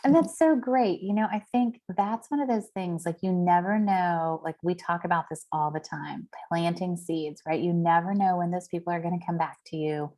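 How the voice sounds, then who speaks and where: A woman's voice: on the low side, normal speed, few pauses, warm tone. A woman hosting a team meeting over a video call, talking casually in a chatty, rambling way with lots of fillers. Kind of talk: casual chat.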